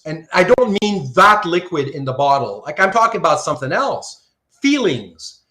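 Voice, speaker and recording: In a roomy-sounding recording, a man with a high, slightly bright voice teaches philosophy live online from Surrey, Canada. He talks informally, reads his students' comments out, and follows almost every point with "right?"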